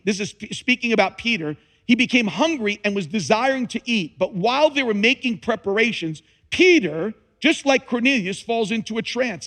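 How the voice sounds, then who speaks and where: In a church sanctuary with the long reverb of a large hall, a pastor preaches a sermon. His voice is high-pitched and a bit bright, and he reads scripture dramatically, repeating for emphasis and adding touches of humor.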